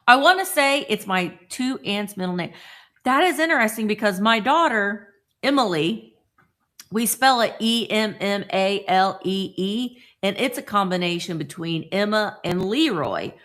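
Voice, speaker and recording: A woman's voice: medium pitch, creaky, fairly bright tone. A middle-aged woman from Indiana hosting a casual live stream, chatting and greeting viewers by name.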